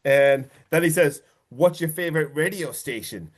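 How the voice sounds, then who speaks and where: A man with a slightly high voice talks through a horror film's plot on a casual podcast. He gets worked up, swears freely and slips into quick impressions of the characters. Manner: excitable, swears, acts out quotes from the film. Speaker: podcast host. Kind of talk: casual film recap.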